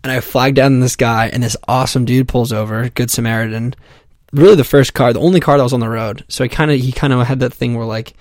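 A man's voice: medium pitch, fairly even intonation, fast talker, darkish tone, no echo, studio quality. A young man telling a comic personal story in a casual, profane, self-mocking way, full of fillers. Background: music.

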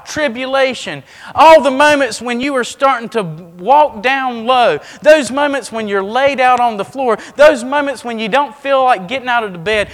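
A man preaching a sermon in an animated way, acting out scenes as he talks. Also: very high voice, a little slow, in a large hall. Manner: animated, acts out scenes with shifting voice.

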